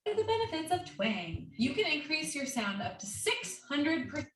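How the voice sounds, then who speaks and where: Higher-voiced woman coach in an echoey room. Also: very animated, normal speed. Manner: upbeat, demonstrates silly sounds. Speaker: guest voice coach. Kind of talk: online singing lesson. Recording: roomy, distant mic with faint noise.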